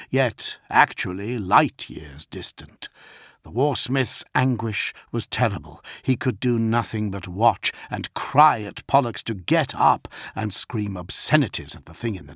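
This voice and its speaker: A man giving scripted audiobook narration in a measured, dramatic storytelling manner. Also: fairly low pitch, gravelly, fairly bright tone, slightly rough, dry recording, clean studio sound.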